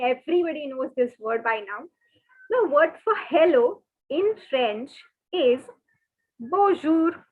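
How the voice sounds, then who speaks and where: A woman teaches in an online lesson, her voice high and bright in pitch. She is patient and says every word slowly, over and over. The sound is thin and narrow, like a phone line. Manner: patient, repeats each word slowly and often. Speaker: French teacher. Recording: thin phone-like webinar audio.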